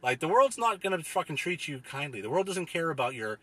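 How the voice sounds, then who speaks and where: A young man ranting casually with profane, rambling talk and many fillers, sometimes mocking people in a whiny high voice. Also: big pitch swings, fairly quick, a bit bright, breathy edge. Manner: mocks others in a whiny falsetto.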